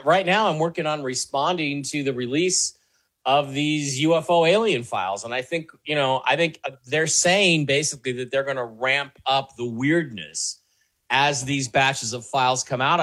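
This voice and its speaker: A man answers a talk show host's questions conversationally, earnest but rambling, with many fillers and restarts along the way. His voice is mid-range with a fairly bright tone.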